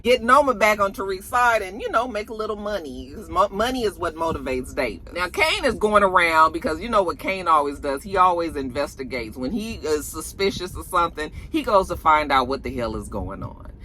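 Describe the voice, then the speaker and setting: A woman casually recapping a TV episode in an animated, colloquial way, laughing often. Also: lowish voice, fairly quick, hardly any pauses. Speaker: TV episode reviewer.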